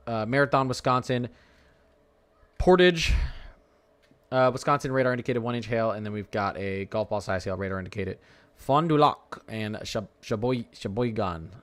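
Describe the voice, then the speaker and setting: A young man hosting a live weather stream, talking through radar warnings in a chatty, rambling way and stumbling over place names. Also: on the low side.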